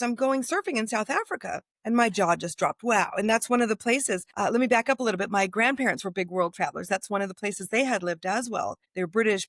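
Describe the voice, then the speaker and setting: A chatty American woman in her fifties tells stories with a fairly high voice, bringing every quoted line to life. The recording is close and dry, with no room echo. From United States. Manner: animated storyteller, acts out quoted dialogue. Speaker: guest author. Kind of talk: casual interview storytelling.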